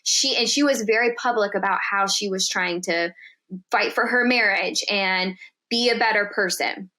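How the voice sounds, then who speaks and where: Brief: woman guest, bright voice, storytelling in casual chat, animated, swears a lot, voices the people she quotes. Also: medium pitch, normal speed. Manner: animated, profane, acts out quotes in dialogue. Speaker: podcast guest.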